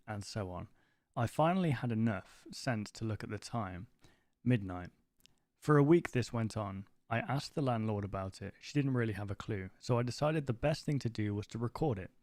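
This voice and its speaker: A man's voice: a little mellow, no room sound. Casual man reading aloud on stream. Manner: reads in a low voice, breaks off into casual asides. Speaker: streamer reacting to a horror series. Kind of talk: live-stream reaction, reading text aloud.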